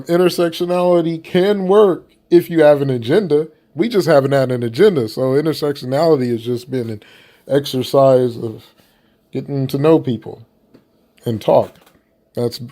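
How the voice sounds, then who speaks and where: Male commentator, mid-pitched voice, blunt and profane, rambles loosely, casual opinion talk. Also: mellow. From United States.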